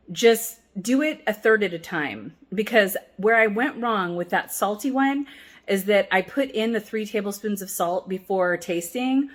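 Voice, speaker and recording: A woman hosting a cooking vlog, talking in a chatty, rambling and upbeat way. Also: mid-range voice. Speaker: cooking vlogger.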